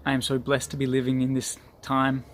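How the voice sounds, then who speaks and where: A man's voice: mid-range voice, monotone, brisk, a little hiss or hum. Earnest man giving a pep talk. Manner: earnest, repetitive for emphasis. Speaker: group leader. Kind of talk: motivational talk.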